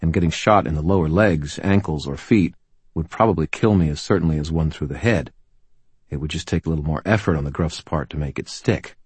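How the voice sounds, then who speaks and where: A man narrating a first-person audiobook in a dry, wry storytelling manner with steady pacing. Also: very deep voice, brisk, husky, dry recording.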